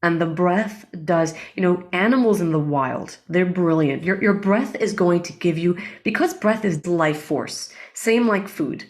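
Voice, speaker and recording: A woman guest in an interview, a breathwork facilitator explaining things in a calm, unhurried way. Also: on the low side. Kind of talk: interview conversation.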